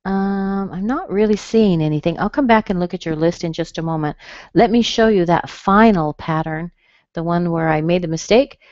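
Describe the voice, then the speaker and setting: Lady teaching pronunciation online, slow careful syllables, kinda dull dry audio. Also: fairly low pitch, darkish tone, no echo. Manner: slow, careful, over-enunciated demonstrations of stress. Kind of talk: webinar lesson.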